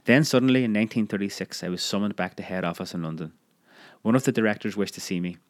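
A man narrating a memoir audiobook in a measured, expressive storytelling manner. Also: on the low side.

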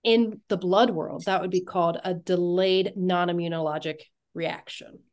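A woman co-hosting an educational podcast, explaining in a relaxed, casual way and laughing easily. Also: fairly low pitch, moderate pace. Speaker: podcast co-host.

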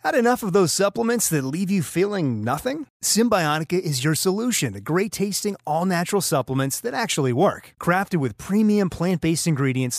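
A man's voice: high voice, dry recording, studio quality. A man reading a scripted supplement ad in a salesy tone. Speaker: ad announcer. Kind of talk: scripted ad read.

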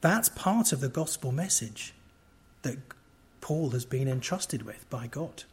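A man preaching an expository sermon at a conference, emphatic, with wide swings in loudness and wry asides to the audience. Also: medium pitch, expressive, unhurried, breathy edge.

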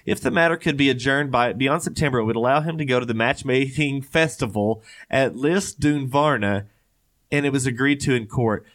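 A man co-hosts a loose, casual chat, reading odd news stories aloud. His voice is mid-pitched, and he breaks off often for joking, rambling asides and laughter. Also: moderate pace, a bit bright. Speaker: podcast co-host.

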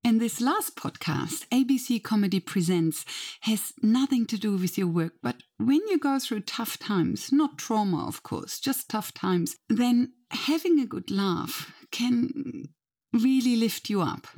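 An Australian woman hosting a podcast, earnestly recommending other shows in a measured way. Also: a little high, lively intonation, a little mellow. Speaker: podcast host.

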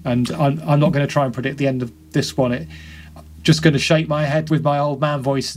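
Fast-talking man musing on markets. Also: fairly high pitch, flat delivery, darkish tone. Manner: thoughtful, repeats words as he thinks. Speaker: podcast guest. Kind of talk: conversational interview.

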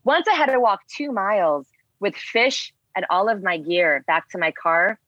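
A woman talks through her experiences in a loose, animated way, peppering everything with fillers. The sound is dry and a little dull, with no room around it. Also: medium pitch, moderate pace, dry recording. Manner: rambling, filler-heavy, animated. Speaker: spearfishing guest. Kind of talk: casual storytelling chat.

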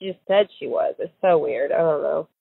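A woman's voice: low-pitched, brisk, creaky, breathy edge. Hesitant woman on a tinny line. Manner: hesitant, many fillers and restarts. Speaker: interviewee recalling events. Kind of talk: casual recorded interview. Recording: tinny phone-line sound, dry.

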